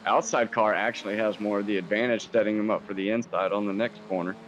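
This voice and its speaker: A man co-commentating a sim race, calmly explaining drafts, braking and racing lines. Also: lowish voice, quick pace, a little hiss or hum, poor audio.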